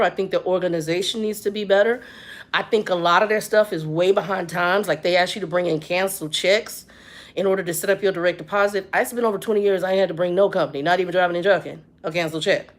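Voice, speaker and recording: In a chatty vlog, a woman in her 50s tells a story at a quick pace, her voice mid-range. She's animated, recounting much of what others said.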